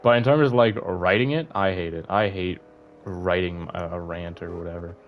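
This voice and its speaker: A man's voice: low voice, moderate pace, highs cut off, a little hiss or hum. A young man streaming, chatting casually to his viewers, rambling with lots of fillers and restarts. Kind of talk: casual live-stream chat.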